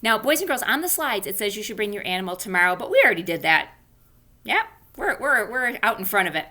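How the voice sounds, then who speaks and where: A woman teaching an online class for young children from home, animated and sing-song, speaking slowly and carefully. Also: mid-range voice. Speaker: elementary school teacher. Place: home room.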